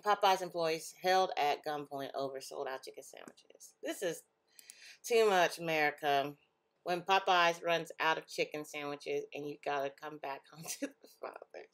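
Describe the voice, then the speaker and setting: Reacting to posts online, this young woman vlogger speaks at a normal speed in a low voice. Her casual talk is animated, peppered with laughs and exclamations.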